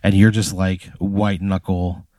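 Male co-host, low voice, dry close sound, rambling improvised comic storyteller. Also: level tone, measured pace, darkish tone, no echo. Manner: rambling, full of fillers and laughs. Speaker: comedy podcast co-host.

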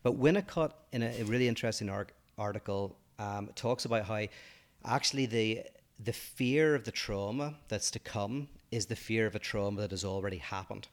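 Low-voiced man eagerly explaining ideas. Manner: explains ideas eagerly, quick bursts, stumbling restarts. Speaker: podcast co-host. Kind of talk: casual explaining chat.

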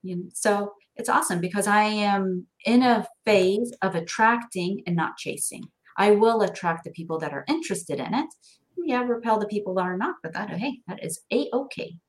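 A middle-aged woman speaking as a guest in an animated interview. She talks expressively, often laughing and acting out snippets of dialogue. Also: mid-range voice, moderate pace. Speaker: guest, financial planner.

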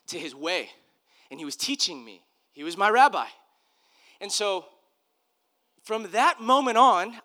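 A man's voice: fairly high pitch, bright, forceful tone. A man, a pastor, giving a conversational sermon, telling personal stories in an earnest, loose way with restarts.

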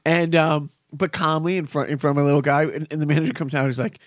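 A podcast host in his fifties runs a casual chat, telling rambling stories and laughing often. He talks fast in a flat, somewhat high voice, captured in a dry, clean studio recording.

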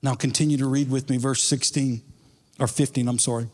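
A man's voice: medium pitch, level tone, brisk, in a large hall. A man preaching a sermon as a pastor, in a casual, conversational way with bits of slang. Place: church sanctuary.

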